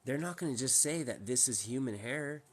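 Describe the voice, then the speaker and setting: A man's voice: mid-range voice, lively intonation, normal speed, breathy edge. A man hosting a casual live stream from home, talking in a rambling, emphatic way with many restarts. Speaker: livestream host.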